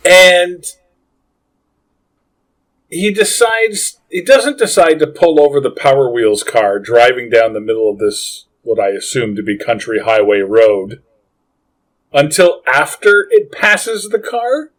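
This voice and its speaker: A man recapping a movie on a podcast in an easygoing voice. His pitch sits in the middle range. He chuckles as he goes. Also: expressive, takes it slowly, a bit bright. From Canada. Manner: laid-back recapping, chuckling often. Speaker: podcast co-host. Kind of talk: casual movie podcast chat.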